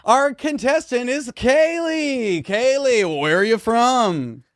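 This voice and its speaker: A man's voice: animated, fairly bright tone, no echo, clean studio sound, full character voice. A man doing a cheesy game show host. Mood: showy. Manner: announcer-style, drawn-out and booming. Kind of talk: improv comedy sketch.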